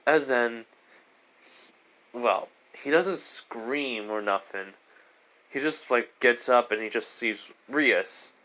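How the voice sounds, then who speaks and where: A man's voice: mid-range voice, slow pace, bright, forceful tone. Rambling casual male storyteller. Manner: rambling, many fillers and restarts. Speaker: fan fiction storyteller. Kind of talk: casual improvised story narration.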